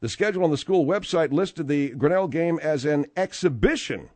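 Male sports radio host, lively and rambling, dry close mic. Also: fairly high pitch, moderate pace, no echo. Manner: animated, rambling, with frequent restarts. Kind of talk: sports talk radio banter and news reading.

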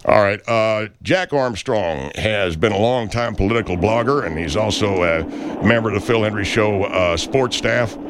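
A man's voice: lowish voice, normal speed, background noise. A man hosting a talk radio show, needling and flustered as he bickers with a caller. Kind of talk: comic talk radio banter.

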